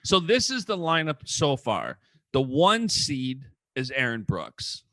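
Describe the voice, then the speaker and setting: A man co-hosting a podcast, chatting casually and animatedly with frequent restarts. His voice is bright and forward. The sound is dry and close, with little room around it. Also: medium pitch, no echo. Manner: quick, animated, full of "like" and restarts. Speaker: podcast co-host. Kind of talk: casual chat about wrestling.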